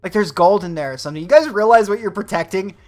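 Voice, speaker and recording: A man's voice: sits high, fast, faint music behind. A man hosting a live stream, ranting sarcastically about politics and swearing often while reading out chat donations. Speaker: livestream host.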